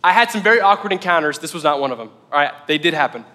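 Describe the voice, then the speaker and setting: A man's voice: on the high side, animated, rapid-fire, bright, forceful tone, in a large hall. A man preaching a casual, conversational sermon as a pastor, talking in a chatty way full of "like.".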